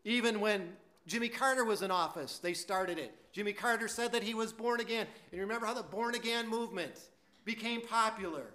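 A man's voice: high voice, a little fast, bright, forceful tone. A man preaching a sermon, telling a story earnestly and with emphasis, now and then stumbling over a word. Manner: earnest, emphatic storytelling with some stammered restarts.

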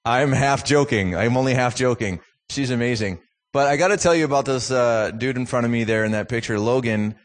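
A man from Minnesota preaches as a guest speaker in a church, moving between wry, self-deprecating family stories and fervent appeals. He sounds like a man in his thirties or forties, speaking at a steady, middle pitch. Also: a little fast. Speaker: guest speaker from a youth ministry.

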